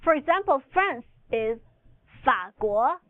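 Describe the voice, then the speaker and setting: A woman whose first language is Chinese, teaching a recorded language lesson with slow, deliberate, carefully enunciated instruction. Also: high voice, sing-song, no room sound. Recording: phone-like narrow audio, dry.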